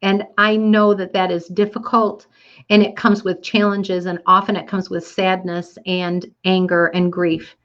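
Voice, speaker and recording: A woman speaking earnestly and from the heart about a personal experience, a little teary-eyed, with the odd restart and soft laugh. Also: fairly low pitch, flat delivery, a little slow, muffled recording. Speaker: motivational speaker. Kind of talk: personal reflective monologue.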